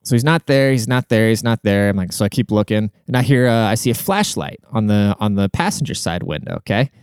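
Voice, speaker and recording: Speaking briskly in a fairly low, clean-toned, expressive voice, a young man from Washington State, USA, rambles through a story conversationally, cursing often and checking in with his listener. The studio recording is clean with no room sound.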